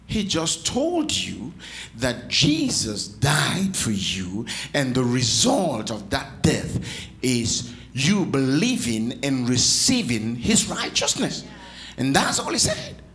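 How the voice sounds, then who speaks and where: A man's voice: mid-range voice, wildly swooping pitch, slow, fairly bright tone. A man preaching a sermon in a church, calling out to the congregation and teasing them with playful asides. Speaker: pastor.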